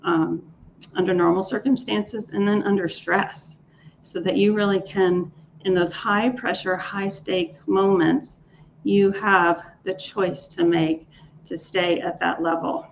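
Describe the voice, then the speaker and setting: A woman's voice: mid-range voice, little pitch movement, takes it slowly. A woman who works as a leadership coach, telling client and marathon stories in an interview with enthusiasm, often restarting her words. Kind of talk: speaker interview storytelling. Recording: dull lo-fi sound with faint noise.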